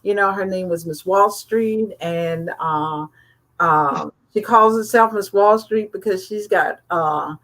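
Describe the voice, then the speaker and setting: A woman co-hosting a radio talk show, measured and hesitant, with frequent fillers. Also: mid-range voice, a bit bright. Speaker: co-host. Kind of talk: casual chat.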